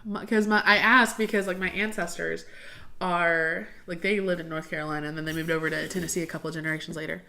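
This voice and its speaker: A woman's voice: on the low side, steady tone, fast, creaky, sharp tone, slight background noise. A young woman hosting a casual livestream, chatting with viewers in a rambling way full of fillers. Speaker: livestream host.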